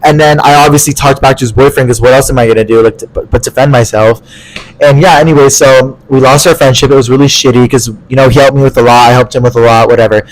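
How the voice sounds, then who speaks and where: A young man co-hosting a podcast, telling a story in casual chat, animated and profane, acting out the voices of people he quotes. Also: medium pitch, fast, poor audio. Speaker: podcast co-host.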